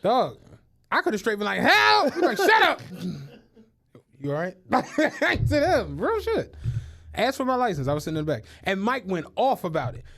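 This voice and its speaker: A man co-hosting a podcast, telling stories in casual chat, animated and full of swearing and laughter. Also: sits high, normal speed. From United States. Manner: animated storytelling, swears a lot, laughs often. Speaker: podcast co-host.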